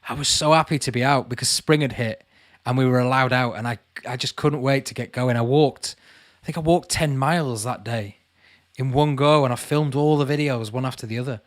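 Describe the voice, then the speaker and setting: A man's voice: medium pitch, brisk, no room sound, clean studio sound. A man hosting a casual livestream, reading out viewers' comments and chatting back to them. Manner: chatty, calls viewers mate, reads comments aloud. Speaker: channel host answering live chat.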